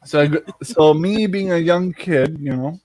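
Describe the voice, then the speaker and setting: A man's voice: fairly high pitch, moderate pace, a little mellow, no echo. Chatty man telling a rambling story. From Ireland. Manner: rambling anecdote, laughing, acting out voices. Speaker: livestream host. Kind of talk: casual storytelling on a livestream.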